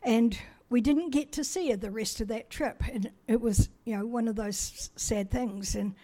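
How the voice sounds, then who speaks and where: Her own story comes out as a personal testimony: a middle-aged New Zealand woman, slightly high-voiced, chatting with self-deprecating warmth. Now and then she briefly acts out snippets of conversation.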